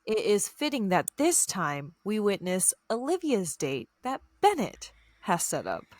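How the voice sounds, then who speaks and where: A woman's voice: mid-range voice, huge pitch swings, unhurried, darkish tone, no echo, studio quality. A woman hosting a casual book podcast, upbeat and friendly as she leads the conversation. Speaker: podcast host.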